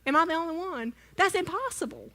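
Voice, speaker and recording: Bright woman telling church stories. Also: very high voice, animated, a little fast. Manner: chatty, self-deprecating, asks audience questions. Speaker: speaker at church service. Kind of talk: humorous personal story sermon. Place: church sanctuary.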